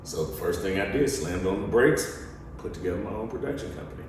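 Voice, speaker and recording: Brief: young male actor, low voice, lively storyteller, distant mic with background noise. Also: brisk, very echoey. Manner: lively storyteller, acts out quotes. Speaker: guest, actor and studio co-founder. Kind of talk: animated storytelling interview.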